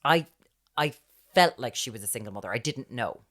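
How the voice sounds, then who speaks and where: Irish woman, very deep voice, chatty podcast co-host, storyteller. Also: expressive, brisk. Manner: chatty storyteller, drops to hushed tones when retelling. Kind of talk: casual chat.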